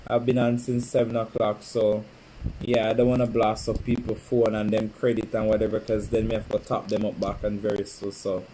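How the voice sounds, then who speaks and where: A man hosts a home live stream in a relaxed, chatty way, joking and calling viewers by name. His voice sits at a middle pitch with a warm, mellow tone. Faint noise hums in the background. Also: brisk, low-quality recording. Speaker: livestream host. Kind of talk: casual live-stream chat. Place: home, indoors.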